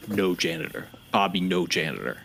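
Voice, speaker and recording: A simple-minded wastelander, voiced by a man, speaking in halting, broken phrases for a tabletop game. His voice sits a little lower than usual and stays bright. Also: lively intonation, gravelly, slight background noise, full character voice. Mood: plain.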